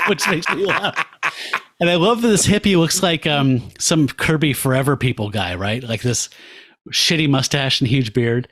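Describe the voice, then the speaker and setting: A podcast co-host with a voice on the high side, unhurried and fairly bright, casually recaps a comic story. He acts out the characters' lines and laughs along the way.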